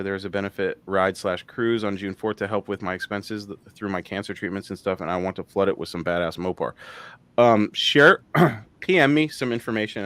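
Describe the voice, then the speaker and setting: A man's voice: on the low side, a bit bright, smooth. A man hosting a casual live-stream chat, rambling with lots of fillers and frequent laughter. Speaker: host.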